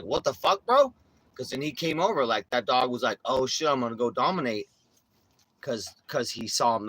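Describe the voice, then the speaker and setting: A man's voice: medium pitch, bright, forceful tone. A young man chatting casually in a vlog, telling rambling, profane stories outdoors. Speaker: vlogger. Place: outdoors on a city street with his dog.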